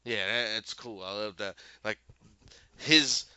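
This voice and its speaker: Forceful, sharp-voiced man recapping a show. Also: on the low side, slow pace, clear, resonant tone, no room sound, highs cut off. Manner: retells scenes, quoting characters' lines; rambling, many fillers and self-corrections. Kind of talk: casual TV episode recap.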